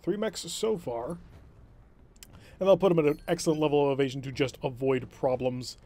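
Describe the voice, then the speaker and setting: A man's voice: mid-range voice, fairly quick, dark tone. Man giving gameplay commentary. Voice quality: explanatory, thinking aloud about tactics. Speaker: game commentator. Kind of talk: let's-play commentary.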